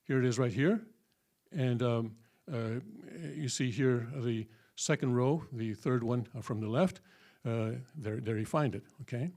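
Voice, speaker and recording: This church teacher's voice is a little mellow and mid-range, and he keeps a measured pace. Lecturing a class in a church hall, he goes step by step with patience, filling his speech with fillers and frequently checking on his listeners.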